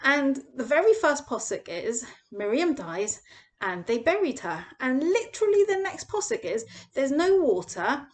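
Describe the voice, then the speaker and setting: A young woman gives a Torah lesson in an animated storytelling manner. Her voice sits high and swings widely. She acts out the people she quotes. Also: a little slow. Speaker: Torah teacher. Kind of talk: expressive parsha lesson.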